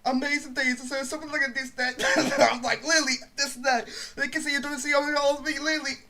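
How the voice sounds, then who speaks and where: Young man, casual storytime monologue, high bright voice, rambling, profane, lowers voice for quotes. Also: steady tone, a little fast, slight background noise. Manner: rambling, profane, says "literally" constantly; drops to a low voice to quote others. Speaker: storyteller vlogger.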